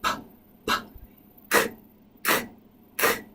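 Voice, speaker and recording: A woman teaching English pronunciation, modeling each sound slowly and patiently. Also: sharp tone, a little hiss or hum. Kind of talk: pronunciation lesson.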